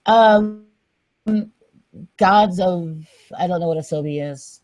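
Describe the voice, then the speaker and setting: Blunt wry woman with a low voice. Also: slow pace, darkish tone, rough recording. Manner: blunt, wry, swears casually. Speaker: co-host of a book show. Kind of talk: casual chat.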